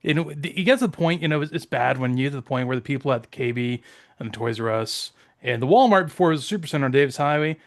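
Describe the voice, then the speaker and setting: A man's voice: medium pitch, animated, fast. A man co-hosting a casual podcast, musing in a rambling, reflective way. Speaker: podcast co-host. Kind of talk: casual chat.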